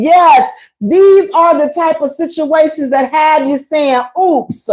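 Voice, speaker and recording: A woman hosting a radio talk show with a high-pitched voice. She speaks frankly and colloquially, addressing her listeners directly. Her delivery is sassy and animated, with preachy, dramatic emphasis. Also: slow pace. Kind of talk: frank relationship talk to a live audience.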